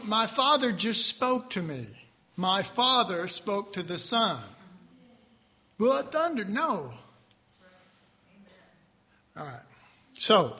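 A man teaching a Bible class in a conversational, animated sermon style, with asides to his listeners. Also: high voice.

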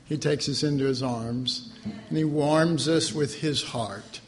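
A man's voice: a little high, slow pace, slight background noise. A man preaching a conversational sermon in a folksy way, laughing often and acting out the voices he quotes.

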